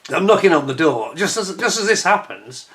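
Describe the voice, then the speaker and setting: A man chatting casually to camera, telling a personal anecdote in an animated way with frequent restarts and laughs. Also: a little high, normal speed. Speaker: vlogger.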